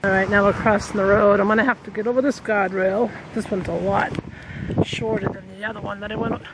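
A woman, narrating a casual nature vlog by a river and roadside, full of excited exclamations, recorded on a handheld camera. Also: mid-range voice, brisk. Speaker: nature vlogger. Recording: outdoor traffic noise behind.

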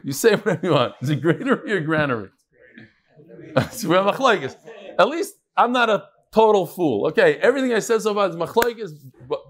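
Guy teaching talmud to a room, kinda high voice, super animated, cracks jokes, throws in hebrew words. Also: moderate pace. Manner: lively, joking, mixes Hebrew and Aramaic terms. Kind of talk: live daily Talmud lecture.

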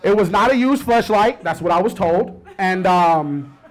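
Animated high-voiced man doing stand-up. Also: unhurried. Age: 30s. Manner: animated, swings between mumbled asides and loud outbursts. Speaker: stand-up comedian. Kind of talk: stand-up comedy set.

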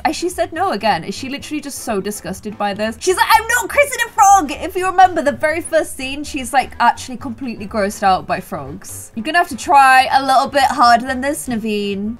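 A young woman giving giggly, playful commentary over her life-sim game. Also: high voice. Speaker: gaming YouTuber. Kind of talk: casual gameplay commentary.

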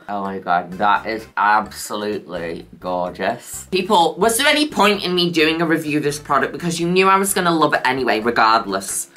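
Deep-voiced, gushing woman makeup vlogger. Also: sharp tone. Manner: gushing, cheeky, chatty. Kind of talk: casual makeup review.

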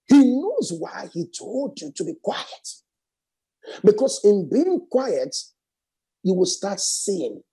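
A man preaching a sermon fervently, repeating phrases and swinging from raised exclamations to hushed prayer. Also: high voice, huge pitch swings, drawn-out words, pauses often, breathy edge.

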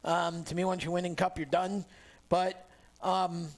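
A man hosting a motorsport radio show, talking in a relaxed, chatty way with plenty of fillers and restarts, recorded in a radio studio. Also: sits high, unhurried. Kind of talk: casual motorsport radio talk.

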